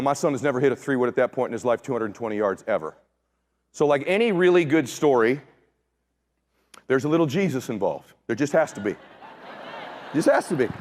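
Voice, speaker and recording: A middle-aged man and motivational speaker who tells a story with animated energy, acts out the voices, and shouts for emphasis. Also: mid-range voice, a little hiss or hum. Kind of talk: storytelling talk.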